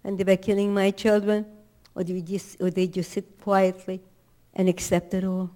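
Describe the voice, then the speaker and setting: A woman's voice: medium pitch, completely flat delivery, normal speed, mellow, voice pushed up, close to an everyday voice. A woman voicing a stern, reproaching God in a storytelling Torah class. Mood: reproachful. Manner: reproachful, emphatic.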